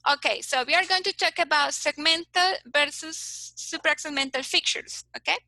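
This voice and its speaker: Bright-voiced teacher. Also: female voice, high-pitched, moderate pace, no echo, rough recording. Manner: tags sentences with "okay?", explains patiently. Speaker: English phonetics teacher. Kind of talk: online class lecture. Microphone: video call.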